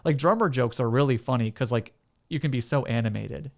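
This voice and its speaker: A man's voice: medium pitch, gravelly. Chatty man full of filler words. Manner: quick to laugh. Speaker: guest piano teacher. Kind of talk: casual podcast chat.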